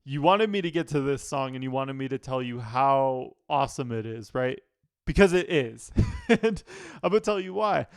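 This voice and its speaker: A man's voice: medium pitch, lively intonation, normal speed, clean tone, no echo. Man, music producer, casual reaction commentary, eager and analytical, resonant tone, dead-dry sound. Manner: enthusiastic, analytical, with frequent "like" fillers.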